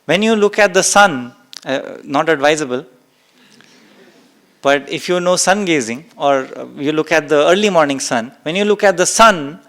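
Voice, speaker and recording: A man's voice: on the high side, lively intonation, moderate pace, fairly bright tone. A man giving a spiritual talk to a live and online audience. He speaks with emphasis, repeats key phrases and acts out exclamations. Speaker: spiritual teacher.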